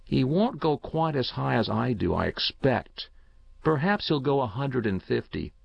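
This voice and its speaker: An earnest, grave young boy who confides his secrets, as a man reads him in an audiobook. The voice is lifted and lively in pitch with a gravelly edge. The recording is dry and a little dull. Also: a little slow, no room sound, full character voice. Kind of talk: audiobook reading.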